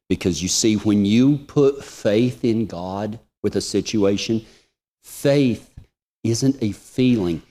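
A man preaching a sermon, telling a personal testimony with emotion, moving from hushed lines to soaring ones. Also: deep voice.

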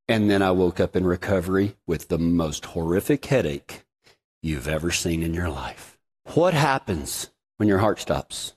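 A man's voice: mid-range voice, animated, normal speed. A man preaching a sermon, telling his own story in a folksy, dramatic way.

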